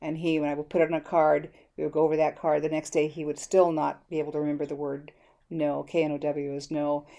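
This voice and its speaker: A woman's voice: low voice, dark tone. A middle-aged woman giving a teaching presentation, explaining steps and acting out the prompts she gives students. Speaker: educator presenting a reading method.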